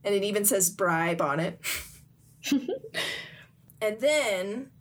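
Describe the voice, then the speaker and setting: A woman's voice: medium pitch, animated, slow pace. A woman in casual chat, animatedly retelling a story and acting out the characters' lines. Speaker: podcast co-host recapping a comic.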